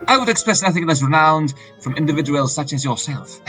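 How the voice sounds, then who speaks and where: A man's voice: a little high, expressive, fairly bright tone, faint music behind, poor audio. A man voicing a flamboyant young male fox prince in a put-on Spanish accent, grandiose and theatrical. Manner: grandiose, theatrical, drawn-out words.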